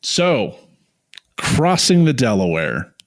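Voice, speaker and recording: Man, podcast co-host, mid pitch, laughs a lot, steers the conversation. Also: very animated, slow. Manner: laughs often, steers the talk back to topic. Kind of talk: casual chat.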